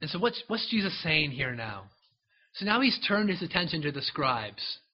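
Husky-voiced man preaching conversationally. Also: on the high side, big pitch swings, normal speed, highs cut off. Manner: conversational storytelling with frequent asides to listeners. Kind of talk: sermon, retelling a Bible story.

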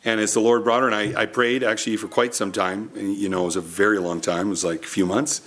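A man's voice: lowish voice, fairly even intonation, fast talker, fairly bright tone. A young man preaching a sermon, telling a personal story earnestly with frequent restarts.

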